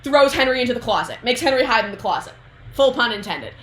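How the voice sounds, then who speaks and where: Bright-voiced chatty young woman. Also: fairly high pitch, expressive, fast talker. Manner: chatty, filler-heavy, often laughing. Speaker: video host. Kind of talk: casual chat, retelling a book plot. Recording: echoey room.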